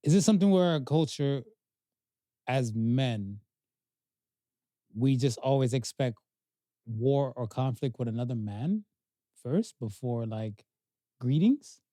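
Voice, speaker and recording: A man's voice: medium pitch, animated, slow pace, pauses often, warm tone, dry recording, clean studio sound. A man co-hosting a podcast, telling a story in loose casual chat with lots of fillers and acted-out quotes. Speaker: podcast co-host.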